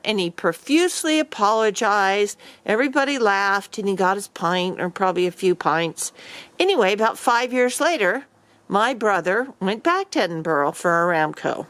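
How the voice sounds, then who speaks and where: A woman's voice: mid-range voice, expressive, moderate pace, a bit bright, dry recording. A woman vlogger casually telling a story to camera, rambling with many fillers and restarts.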